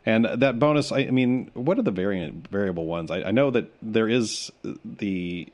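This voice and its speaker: An animated young man hosts a casual board game podcast. His pitch moves around a lot as he explains the rules, and he teases the other players with quick laughs. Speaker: podcast host.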